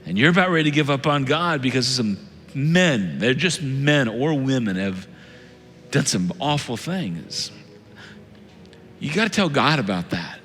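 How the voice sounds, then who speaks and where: A man preaching a sermon as lead pastor, earnest, swinging between loud urging and hushed tones. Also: mid-range voice, very animated, a little slow. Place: church sanctuary. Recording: reverberant church hall with soft music.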